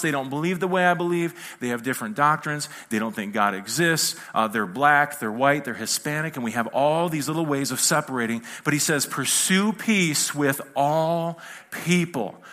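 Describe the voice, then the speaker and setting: A man's voice: on the high side, fairly quick, hardly any pauses, sharp tone. A male pastor preaching a conversational sermon to a congregation in a church, mixing humor with acted-out quotes.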